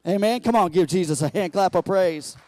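Man preaching a lively sermon. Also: high voice, brisk, no room sound. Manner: lively preaching, swinging from loud peaks to quiet asides; repeats words when building up. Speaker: pastor.

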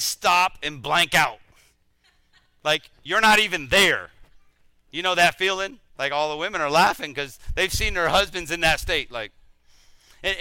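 Middle-aged preacher, bright crisp tone, lively with acted-out quotes. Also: male voice, high voice, no room sound. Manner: animated, acts out quoted voices. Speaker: pastor. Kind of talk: sermon.

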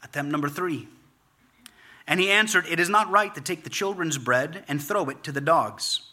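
A man delivers a sermon from the pulpit in a high, strikingly bright voice. He hammers his points home through repetition and rising emphasis. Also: moderate pace. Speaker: pastor.

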